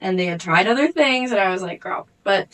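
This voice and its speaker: A woman's voice: mid-range voice, fast, low-quality recording. Laughing young woman telling stories. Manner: animated storytelling, laughs often, acts out quotes. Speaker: podcast co-host. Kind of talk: casual chat.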